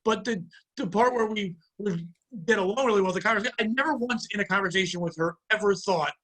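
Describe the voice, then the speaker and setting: A man's voice: high voice, fast talker, sharp tone. A man in his forties co-hosting a podcast, telling long, rambling, profane stories in casual chat. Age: 40s. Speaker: podcast co-host, comedian.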